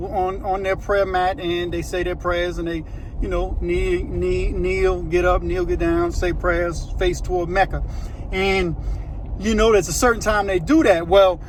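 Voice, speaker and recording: Guy telling a story casual and slangy, fairly high voice, lots of asides. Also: slight background noise. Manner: slangy, conversational, with frequent asides.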